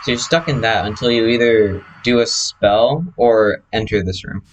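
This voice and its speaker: A man's voice: fairly low pitch, moderate pace, slight background noise, rough recording. A man who speedruns, casually explaining his own run over replay footage, chatty and correcting himself as he goes.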